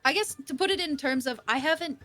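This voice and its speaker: A woman's voice: high voice, quick pace, a bit bright, soft background music. A woman guesting on a livestreamed talk show, chatting casually, with hesitant restarts and fillers. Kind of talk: casual chat.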